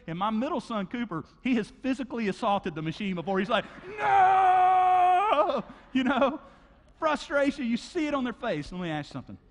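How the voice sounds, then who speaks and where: A pastor preaches in a lively, conversational way, acting out little stories with sound effects and swinging his voice up and down. His voice sits a bit higher than most men's. The long reverb of a large hall trails each phrase. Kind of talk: sermon. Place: church auditorium.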